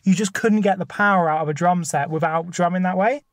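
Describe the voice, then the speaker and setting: A man's voice: sits high, a little fast, no echo. Man arguing his points in a dry room. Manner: argumentative, lays out numbered points. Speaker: podcast co-host. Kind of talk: casual chat.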